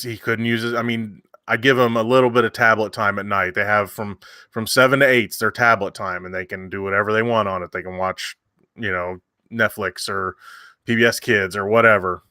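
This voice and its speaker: A man's voice: fairly low pitch, sharp tone, no room sound, studio quality. A man, hosting a livestream and telling a long story in casual chat with many fillers and restarts. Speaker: livestream host.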